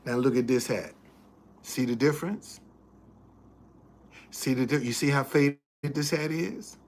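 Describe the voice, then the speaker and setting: A man's voice: medium pitch, a little slow, darkish tone, slight background noise. A man hosting a casual live stream, talking earnestly, repeating himself and thanking viewers as he goes. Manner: shows items to the camera while talking.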